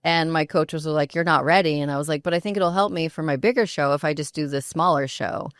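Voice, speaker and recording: A woman in her thirties, a podcast guest, telling stories in a chatty, animated way full of fillers. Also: deep voice, fast talker, no echo, clean studio sound. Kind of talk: casual conversational storytelling.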